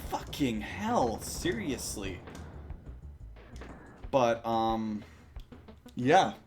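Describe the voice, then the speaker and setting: Young male streamer, mid-pitched, loose chatty talk, frequent swearing, faint game music under. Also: sing-song, very slow. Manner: rambling, swears often. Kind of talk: casual chat while playing.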